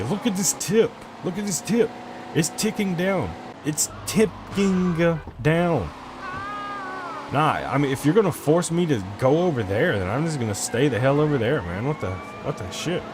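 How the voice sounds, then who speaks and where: A man's voice: medium pitch, background noise. Swearing, rambling man streaming a game. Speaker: gaming streamer. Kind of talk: casual gameplay commentary. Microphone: desk microphone.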